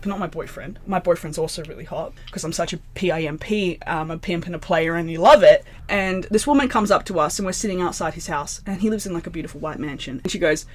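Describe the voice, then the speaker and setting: A woman, an interview guest telling a long dream story in a casual, animated way, full of "like" and acted-out dialogue. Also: fairly low pitch, fast, hardly any pauses, soft background music.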